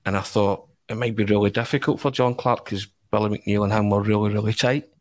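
Journalist guy, lowish voice, telling a story with lots of chuckles. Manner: animated anecdote teller, chuckling. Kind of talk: podcast storytelling.

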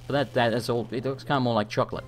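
A young English man streaming a game, chatting and reacting excitably, sometimes swearing when things go wrong. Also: mid-range voice, very fast. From England. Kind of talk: live gameplay commentary.

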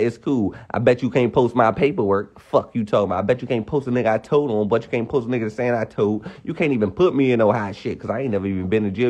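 A man's voice: medium pitch, a little mellow, highs cut off. A young man ranting on a phone live stream, heated and profane, firing off rhetorical questions. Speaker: livestreamer.

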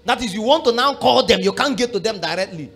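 High, gravelly pastor preaching fervently. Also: male voice, lively intonation, fast, soft background music. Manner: fervent, swings from murmured prayer to shouting. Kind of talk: sermon.

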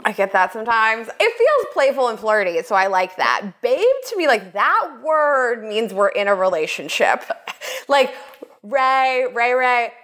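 A woman's voice: a little high, unhurried. A woman co-hosting a podcast, telling jokey dating stories in casual chat with lots of "like". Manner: animated, jokey storytelling with lots of "like". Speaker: podcast co-host.

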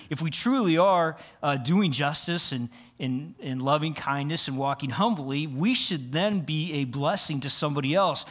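A man with a fairly high voice preaching to his congregation in a relaxed, conversational way. He talks earnestly and often repeats a word or restarts a phrase as he works through his point. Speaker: pastor. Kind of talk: conversational sermon. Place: church sanctuary.

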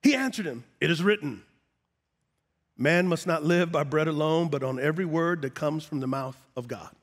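A high-pitched middle-aged man delivers a sermon in a large church sanctuary. He talks right to the people in front of him and swells to loud, shouted emphasis. His voice carries a long reverb from the hall. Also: normal speed. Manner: preachy, builds to shouting, call-and-response asides. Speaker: pastor.

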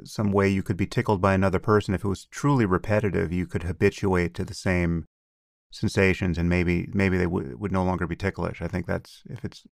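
Male co-host, very deep, gravelly, measured explainer, dry close sound. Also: flat delivery, no echo. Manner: measured, explanatory, with frequent restarts. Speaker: podcast co-host. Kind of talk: casual conversation.

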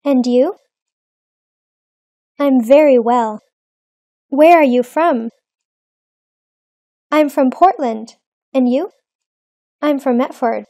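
A woman reading short lesson dialogues in a slow, deliberate, evenly paced way. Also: sits high, darkish tone, no echo, clean studio sound. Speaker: English lesson reader.

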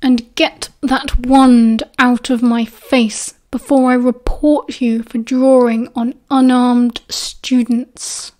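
A woman with a British accent voicing a cold, sneering teenage boy, slow and mocking as she reads an audiobook. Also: fairly high pitch, little pitch movement, darkish tone.

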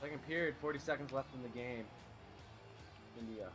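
A young man playing a hockey video game with a friend, cursing and yelling at the plays in frustration. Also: medium pitch, fairly quick, music in the background. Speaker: gamer. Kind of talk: casual game banter. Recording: audible background noise.

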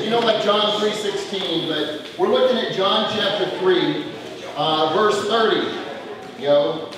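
A man giving an animated, casual youth sermon at a camp, getting the crowd to shout along. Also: high-pitched, normal speed. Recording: echoey hall from far off, faint noise.

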